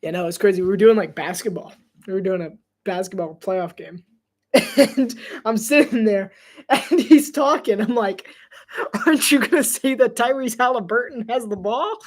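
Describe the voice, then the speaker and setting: A man provides relaxed live play-by-play on his own, chatty and self-deprecating, often laughing. His voice sits high and keeps a moderate pace.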